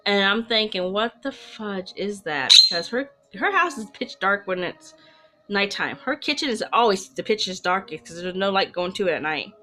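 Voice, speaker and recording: A woman's voice: mid-range voice, animated, normal speed, sharp tone. A woman telling her own ghost story to camera in a casual, chatty way, rambling with asides and restarts. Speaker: storyteller of personal ghost stories.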